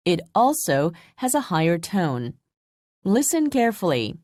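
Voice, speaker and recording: A woman reads a language lesson script with clear, measured explanations. Her pitch moves in a lively way through each sentence. The recording is dry and close, like a studio voice-over. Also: no room sound. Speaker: language instructor. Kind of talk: scripted instructional narration.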